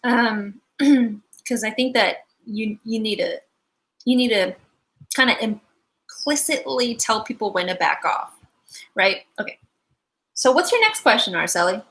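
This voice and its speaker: A woman's voice: fairly high pitch, measured pace, long pauses, a bit bright. A woman giving a live-stream angel card reading, chatty and giggly, full of likes and ums.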